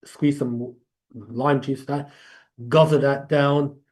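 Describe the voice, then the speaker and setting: A man's voice: medium pitch, fairly even intonation, slow, a little mellow. A man with an English accent hosting a live online class in a chatty, rambling way. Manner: chatty, rambling, laughs easily. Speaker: class host. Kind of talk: casual live class talk.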